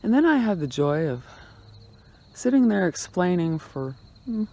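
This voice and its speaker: A man on a road trip vlogs from a forest campsite, chatting casually to camera on a handheld phone, rambling and trailing off. His voice sits high with big pitch swings, a slightly slow pace, vocal fry, and a dark tone. The outdoor phone audio is buffeted by wind, with crickets in the background.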